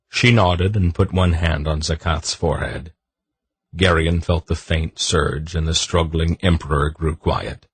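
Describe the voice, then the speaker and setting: Husky, low-voiced audiobook narrator man. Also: a little slow, dry recording. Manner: lively, expressive reading. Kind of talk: scripted narration.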